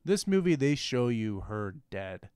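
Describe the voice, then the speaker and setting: A young man in his twenties chats about a film in relaxed podcast talk. He is easygoing and agreeable and uses lots of fillers. His voice is smooth and clear, recorded close and dry. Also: mid-range voice, measured pace, no echo. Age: 20s. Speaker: movie podcast co-host. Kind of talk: casual film discussion chat.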